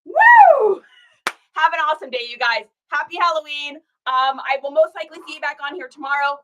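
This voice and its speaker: A woman's voice: high-pitched, steady tone, fast talker, sharp tone, a little hiss or hum. A woman hosting a casual livestream, playful and joking with her viewers. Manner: playful, sings along and jokes with viewers. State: out of breath. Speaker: online reseller livestream host.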